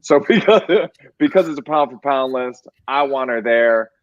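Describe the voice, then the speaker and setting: A man's voice: medium pitch, lively intonation, a little slow, dry recording, muffled recording. A man co-hosting a sports podcast, telling rambling stories and getting fired up about who is toughest. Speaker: podcast co-host. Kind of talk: casual sports chat.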